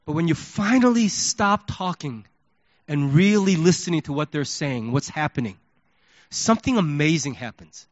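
A male pastor preaching a sermon, telling a story in an animated way and acting out his own reactions. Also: a little high, normal speed, no echo, dull audio.

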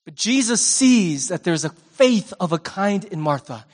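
Male pastor preaching, chatty and animated, loud then hushed, high voice, long church echo. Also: measured pace. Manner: conversational, animated, swings between loud and hushed. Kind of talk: sermon.

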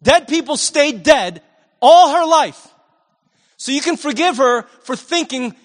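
A man preaching a sermon in a church, conversational and animated, swinging between loud and hushed. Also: extremely high pitch, measured pace, big-room sound. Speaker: pastor.

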